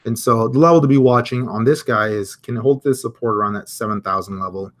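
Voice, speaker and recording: On his live crypto stream, a fast-talking man with a mid-range voice gives loose, easygoing chart commentary. He thinks aloud and keeps up a chatty flow while reacting to what viewers write.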